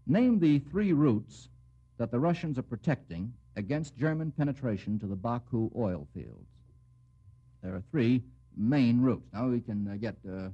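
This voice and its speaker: A man's voice: mid-range voice, warm tone, husky. A man hosting a radio quiz show, genially quizzing the panelists by name and adding wry remarks. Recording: muffled 1940s radio broadcast.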